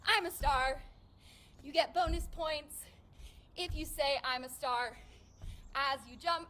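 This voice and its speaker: Upbeat young woman fitness instructor with a high, bright-pitched voice, a little winded, cheering the class on. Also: takes it slowly, pauses often. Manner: upbeat, encouraging, counts reps aloud. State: out of breath. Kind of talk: live workout coaching.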